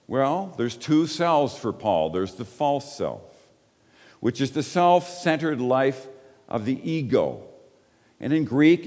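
A Canadian man delivers a teaching sermon in a lively, animated voice whose pitch swings widely. He is emphatic and chatty, throwing asides to his listeners. A long reverb trails his words around a church hall. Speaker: preacher.

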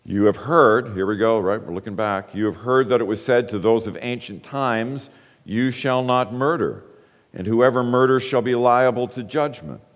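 A man's voice: medium pitch, moderate pace. A man preaching a sermon, explaining scripture and stressing quoted words. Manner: explanatory, emphatic when quoting scripture. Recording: hall reverb.

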